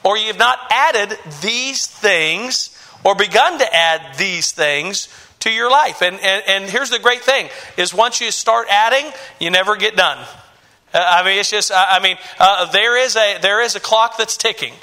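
A man delivering a sermon from the pulpit in a high, bright voice. He preaches emphatically, repeats phrases for weight, and often stumbles and restarts mid-sentence. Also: a little slow. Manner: emphatic, repetitive, with frequent restarts and stammers. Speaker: pastor.

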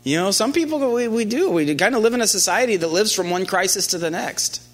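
A man preaching a conversational sermon, often restarting phrases and dropping into a quiet, low voice for quoted lines. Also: lively intonation, fairly quick.

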